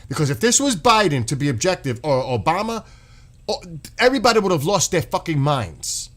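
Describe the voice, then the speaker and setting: Male streamer, sarcastic exasperated rant, higher voice with big swings in pitch. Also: sing-song, fairly quick, fairly bright tone. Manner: exasperated, sarcastic, swears, reads posts aloud and mocks them. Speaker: streamer reacting to news. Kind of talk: ranting political commentary.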